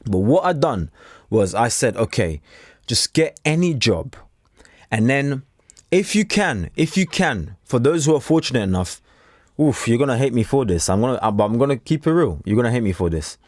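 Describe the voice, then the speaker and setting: A man's voice: mid-range voice, very animated, normal speed, no room sound. A man from Africa giving a blunt, preachy motivational talk straight to camera, acting out the voices he quotes. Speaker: self-improvement coach.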